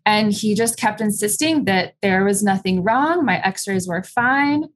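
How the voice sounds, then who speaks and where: Woman guest, mid-pitched, candid and matter-of-fact storyteller, sprinkles in ums. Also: a little slow. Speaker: interview guest. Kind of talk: personal storytelling.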